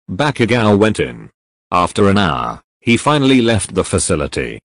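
A man reads fan fiction narration in a plain, matter-of-fact way. His voice sits fairly low but moves a lot in pitch. The recording is close and dry. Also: sing-song, moderate pace, no echo.

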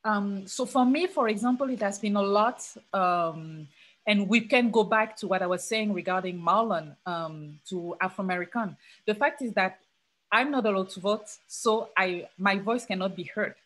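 A woman from Cameroon whose first language is French, speaking on a panel in a measured, hesitant way with fillers. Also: mid-range voice, fairly bright tone, poor audio. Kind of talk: panel discussion.

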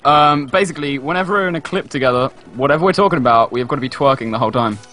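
A man with a British accent joining a gaming stream as a guest, playful and quick to laugh. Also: mid-range voice, bright, forceful tone, faint music behind. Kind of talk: casual joking chat over a call.

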